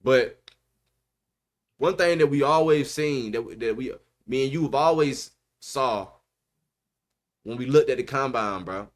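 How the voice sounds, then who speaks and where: Podcast host, man, mid-pitched, emphatic, repeats his points, slangy casual sports talk. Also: unhurried, long pauses. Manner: emphatic, repeats himself, says bro a lot.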